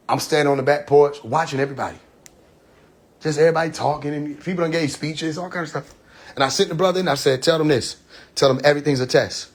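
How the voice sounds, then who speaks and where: Husky man telling a story with laughs. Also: on the high side. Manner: animated, laughing often, acts out quoted dialogue. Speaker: live stream host. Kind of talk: casual storytelling monologue. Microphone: phone livestream.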